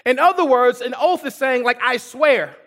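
A man's voice: very high voice, brisk, a bit bright, big-room sound. A male pastor preaching a sermon in a church auditorium, in a conversational way with repetitions and asides to the congregation.

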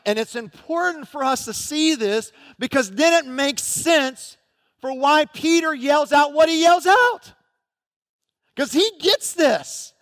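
A male pastor delivers a sermon in an animated, emphatic and conversational way. His voice sits high for a man. A long reverb from the large hall follows every phrase.

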